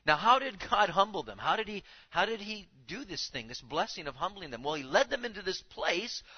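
A man preaching a sermon to his congregation, speaking with animated emphasis and now and then acting out the voices he quotes. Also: high voice, fairly quick, slightly rough, lo-fi sound. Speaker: pastor.

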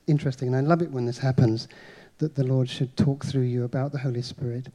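Man sharing a testimony, very dark tone, hesitant, lots of fillers. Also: medium pitch, fairly even intonation, fast talker. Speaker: congregation member sharing a testimony. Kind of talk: spoken testimony.

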